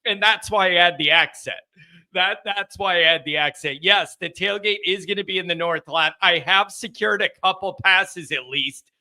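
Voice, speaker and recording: High bright-voiced rambling male host. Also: moderate pace. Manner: rambling and repetitive, laughing between thoughts. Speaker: call-in show host. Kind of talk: casual live-stream chat.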